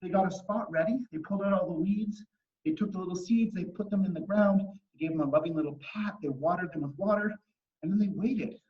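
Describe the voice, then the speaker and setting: In distant, lo-fi livestream audio with a roomy sound, a man with a high-pitched voice speaks fairly quickly. He is an upbeat, encouraging martial arts instructor telling a story to kids in an online class.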